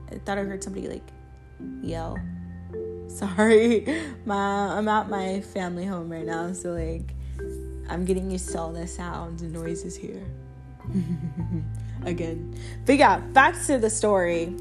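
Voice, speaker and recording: A woman's voice: medium pitch, steady tone, unhurried. Young woman in her twenties, solo podcast host, rambling chatty delivery, faint music underneath. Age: 20s. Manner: rambling, chatty, full of "like" fillers, self-deprecating. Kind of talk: casual solo podcast chat. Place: at her family home, indoors.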